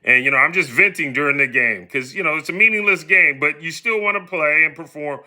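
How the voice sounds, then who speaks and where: Animated middle-aged man telling a story. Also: fairly high pitch, a little fast. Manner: animated, acts out quoted voices. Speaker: podcast host telling his story. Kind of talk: casual storytelling.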